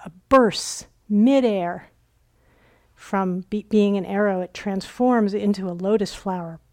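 Slow, mellow woman giving a dharma talk. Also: mid-range voice. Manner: reflective storytelling, acts out quoted inner voices. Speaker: meditation teacher. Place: retreat center meditation hall.

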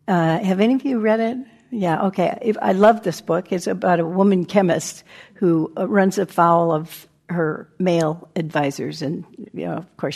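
A woman's voice: on the low side, vocal fry, a little mellow, slightly rough. A woman meditation teacher giving a conversational dharma talk, now and then dropping to a near-whisper. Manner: conversational, acts out inner voices, drops to near-whispers.

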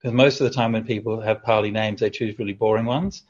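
Husky-voiced monk teaching over a call. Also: male voice, lowish voice, fast. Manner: relaxed, chatty, with fillers and light humor. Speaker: Buddhist monk teaching a sutta class. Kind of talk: online teaching Q&A. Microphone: video call. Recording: dull lo-fi video call audio.

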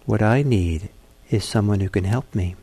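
A man's voice: fairly low pitch, moderate pace, mellow, slightly rough. A man voicing a small, brave, determined parrot in a spoken fable, in plain, earnest words.

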